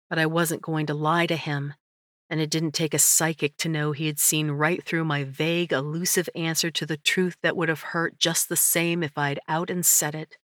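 A woman narrating a first-person audiobook in a measured, introspective way. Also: deep voice, a bit bright, dry recording, studio quality.

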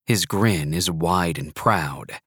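A man narrating a first-person audiobook in a wry, measured way. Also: sits low, fairly bright tone, husky, no room sound, studio quality.

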